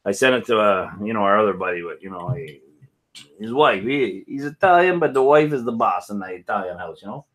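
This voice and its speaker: A man's voice: on the low side, expressive, brisk. A man hosting a casual whisky chat at home, rambling and joking with frequent laughs. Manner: rambling, jokey, loud laughs. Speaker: whisky channel host.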